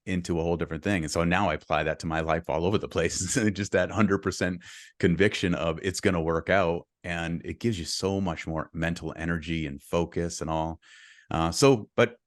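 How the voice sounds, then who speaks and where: A man's voice: deep voice, steady tone, a little fast, no echo, clean studio sound. A middle-aged man, a real estate investor, telling a candid personal story in a podcast interview, earnest and open. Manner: earnest and open, speeds up when reliving the story.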